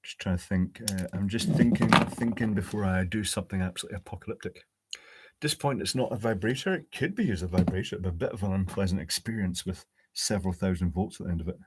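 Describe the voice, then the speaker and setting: A man building a high-voltage circuit live at his workbench, thinking aloud, answering viewers' chat and dropping dry jokes. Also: quick pace, background noise. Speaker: electronics hobbyist host. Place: home electronics workbench.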